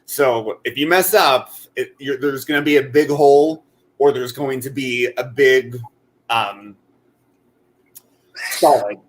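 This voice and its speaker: A man's voice: medium pitch, takes it slowly, pauses often. A man co-hosting a casual chat while crocheting, rambling with many fillers and restarts. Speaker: co-host.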